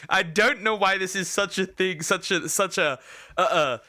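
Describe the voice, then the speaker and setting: A man's voice: sits high, takes it slowly, bright, forceful tone. A man streaming as a vtuber, giving blunt, mocking reaction commentary and often stumbling over and repeating his words.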